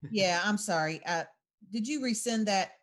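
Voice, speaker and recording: A woman chairing a school board meeting as its president, talking haltingly with many fillers. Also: medium pitch, fairly bright tone.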